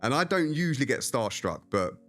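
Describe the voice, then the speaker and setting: A man who is a magician, telling anecdotes in a casual interview, animated and chatty. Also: medium pitch, fairly quick, soft background music. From England. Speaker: magician guest.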